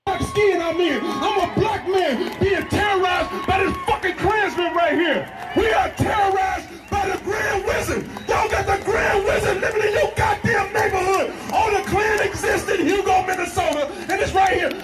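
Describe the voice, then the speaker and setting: A man giving a shouted protest speech outdoors, furious, profane and taunting. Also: extremely high pitch, moderate pace, hardly any pauses. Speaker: protest speaker. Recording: distant, echoey clip with loud crowd and music.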